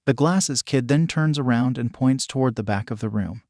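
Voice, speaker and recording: A man reads a fan fiction story aloud at an even, unhurried pace. His voice sits in a middle pitch, and the recording is dry and close, with no room sound. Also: dry recording. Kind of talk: steady story narration.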